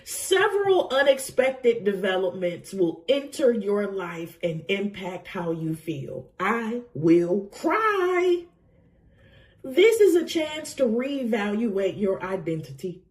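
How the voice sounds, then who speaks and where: Woman reading tarot, emotional and laughing, getting over a cold, slow unhurried talk, lively swooping pitch. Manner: emotional and effusive, often laughing. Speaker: tarot reader. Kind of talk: casual tarot reading to camera.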